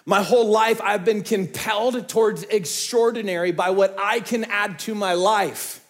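A man preaching a sermon on stage, swinging from hushed, low phrases to loud, lifted ones. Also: fairly even intonation, normal speed, few pauses. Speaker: pastor.

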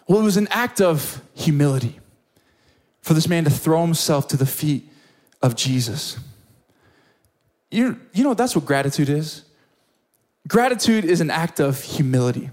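A man's voice: a little high, sing-song, measured pace, pauses often, darkish tone. A young man preaching a sermon to young adults, telling a story with lots of energy and stammered repeats.

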